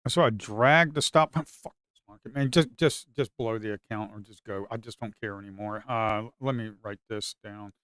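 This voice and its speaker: A man's voice: fairly low pitch, normal speed, hardly any pauses, fairly bright tone, clean tone, dry recording, clean studio sound. Blunt, profane male day trader. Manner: blunt, profane, repeats himself, grows exasperated. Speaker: day trader streaming live. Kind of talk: casual live commentary while trading.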